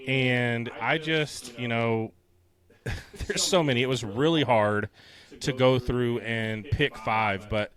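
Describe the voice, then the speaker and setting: A man in his thirties co-hosting a casual podcast, animated and chatty. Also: mid-range voice. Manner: animated, quotes movie lines in silly voices. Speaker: podcast co-host.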